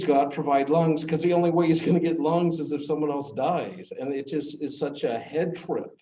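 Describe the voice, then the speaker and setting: Middle-aged male teacher telling a story. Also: dark tone. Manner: earnest storytelling, voice drops low on hard moments. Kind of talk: classroom lecture, personal story. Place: classroom. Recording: echoey classroom, faint noise.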